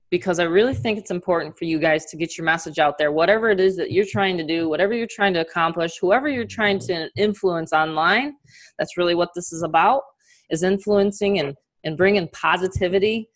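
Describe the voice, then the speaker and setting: A middle-aged woman with a New York accent who leads a live online business training over a video call, talking in an energetic, chatty way and laughing often. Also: fairly low pitch, a little fast.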